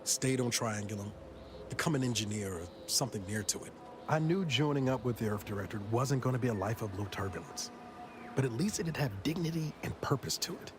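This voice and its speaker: A man's voice: medium pitch, lively intonation, fairly quick, background noise, natural voice. A man playing a weary male space agent, speaking in a dry, wry, reflective way in game dialogue. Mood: wistful. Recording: game audio with music behind.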